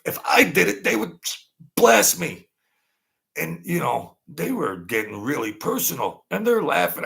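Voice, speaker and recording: A man telling street stories in a rambling, halting way, often stammering and acting out other people's voices. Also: mid-range voice, huge pitch swings, gravelly, sharp tone. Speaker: channel host telling mob stories. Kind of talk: casual storytelling monologue.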